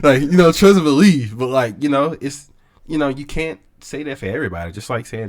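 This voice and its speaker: A man's voice: mid-range voice, brisk. A man co-hosting a podcast in casual chat, rambling with lots of fillers. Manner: rambling, filler-heavy, animated. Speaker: podcast co-host.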